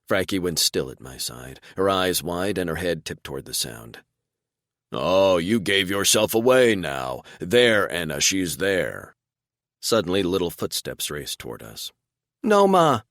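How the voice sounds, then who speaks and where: A man narrating a fantasy romance audiobook in first person, with expressive storytelling. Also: low-pitched, no room sound, clean studio sound. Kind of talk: scripted narration.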